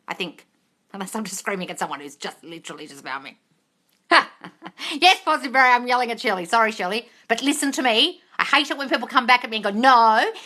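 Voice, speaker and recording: Sweary woman ranting on a phone live, bright forceful voice, goes from muttering to yelling. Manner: brash, sweary, scolding, swings from low mutter to loud yelling. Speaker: manifesting coach answering live chat questions. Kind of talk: blunt livestream Q&A.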